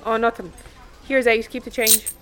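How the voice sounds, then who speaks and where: A woman's voice: fairly high pitch, steady tone, normal speed, very noisy, close to an everyday voice. A woman with an Irish accent playing an irritable, blunt space fleet commander who swears freely. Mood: irritated. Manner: sharp, exasperated, swears freely. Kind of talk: audio drama acting.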